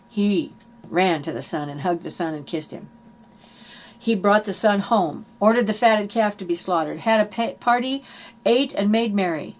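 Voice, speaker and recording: A woman preaching a sermon in an earnest teaching manner, reading scripture aloud and explaining it. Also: mid-range voice.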